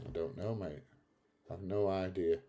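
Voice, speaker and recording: Slow, dark-voiced blunt northern English man. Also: deep voice, steady tone. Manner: blunt, chatty, laughs often. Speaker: livestream host. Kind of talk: casual livestream chat reading comments.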